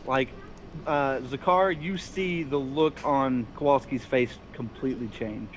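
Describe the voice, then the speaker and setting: A man's voice: medium pitch, unhurried, slight background noise. A man narrating as game master of a tabletop game, loose and chuckling, full of fillers.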